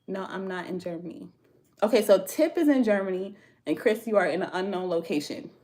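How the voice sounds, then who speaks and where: Hosting a casual at-home tarot livestream, an American woman chats with viewers in slangy, easygoing talk, often breaking into laughter. Her mid-range voice is expressive and darkish in tone, and she speaks a little fast.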